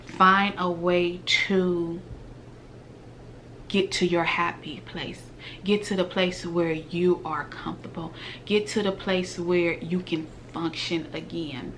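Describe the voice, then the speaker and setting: A woman's voice: lowish voice, flat delivery, takes it slowly, fairly bright tone, a little hiss or hum. A woman, talking earnestly to her viewers in a heartfelt vlog. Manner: earnest, heartfelt, repetitive, slips into whispers. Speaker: vlogger. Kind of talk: emotional direct-to-camera talk.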